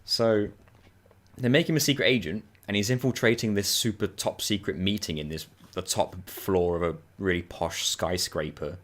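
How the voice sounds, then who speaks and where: While playing a co-op video game with a friend, a low-voiced man who hosts a co-op gaming channel keeps the conversation casual. He speaks at a moderate pace, spinning lively stories and laughing a lot.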